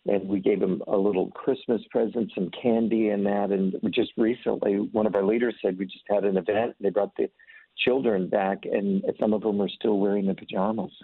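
Gravelly-voiced man on a phone line. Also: fairly low pitch, a little fast. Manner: earnest storyteller, acts out voices in anecdotes. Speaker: ministry leader. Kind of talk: conversational testimony.

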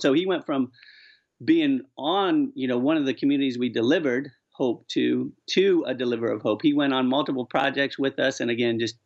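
A man telling stories earnestly and with animation as an author guest on a radio interview. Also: mid-range voice. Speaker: author and charity founder, guest. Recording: dull lo-fi sound.

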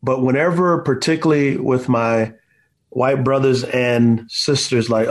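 A husky, slightly breathy man in his forties speaks as an interview guest. He tells his stories with a preacher's emphasis and leans on the word "man" again and again. His voice sits at an ordinary middle pitch. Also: steady tone, measured pace. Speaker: author and guest. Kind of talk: impassioned storytelling in an interview.

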